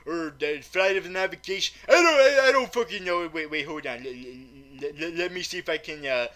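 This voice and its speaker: A man's voice: a little high, lively intonation, brisk, pushed and bright. A man giving a rambling, profane comedic movie rant, stammering and repeating words. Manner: profane and exasperated. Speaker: movie reviewer.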